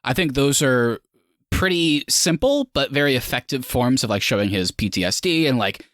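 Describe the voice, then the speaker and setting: A man's voice: medium pitch, sing-song, normal speed, a bit bright, dry recording, studio quality. A man co-hosting a casual film review chat, rambling and leaning on "like" as he acts out scenes. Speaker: podcast co-host.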